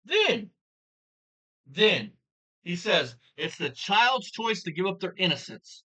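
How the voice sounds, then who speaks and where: Ranting vlogger, swears nonstop, insults, bright voice swinging all over, a bit far from the mic. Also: medium pitch, expressive, moderate pace. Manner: profane, insulting, repeats phrases for emphasis. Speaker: commentary vlogger. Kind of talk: angry ranting commentary.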